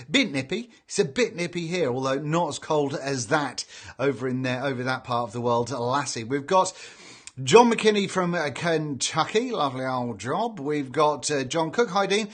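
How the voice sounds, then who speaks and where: A cheerful British man hosting a live stream, reading out viewers' names and greetings in a relaxed, chatty way. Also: on the high side. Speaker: livestream host reading chat. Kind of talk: casual live chat.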